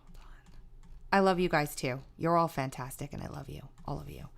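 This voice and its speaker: A woman's voice: low-pitched, fairly quick, creaky. A woman hosting a news commentary livestream, talking emphatically in a ranting way with frequent restarts. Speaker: political commentary host.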